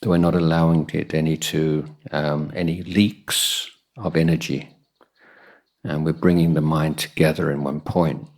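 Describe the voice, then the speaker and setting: A man, a Buddhist monk, giving a guided meditation talk at a retreat, pausing often with soft fillers. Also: rumbling low, level tone.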